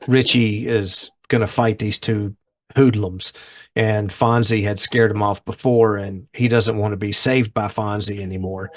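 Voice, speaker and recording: A man co-hosting a podcast, casually retelling a TV episode in a rambling way with many restarts. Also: fairly low pitch. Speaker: podcast co-host.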